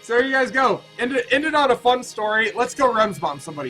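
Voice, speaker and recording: Higher-pitched guy streaming, rambly excitable storytelling, bit of music under it. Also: quick pace, low-quality recording. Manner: rambling, excitable, lots of fillers and restarts. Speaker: Twitch streamer. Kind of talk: casual storytelling to stream chat.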